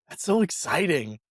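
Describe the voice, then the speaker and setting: Lively, animated male podcast co-host. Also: a little high, husky, no echo, studio quality. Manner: animated storyteller, voices characters in jokes. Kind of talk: casual podcast chat.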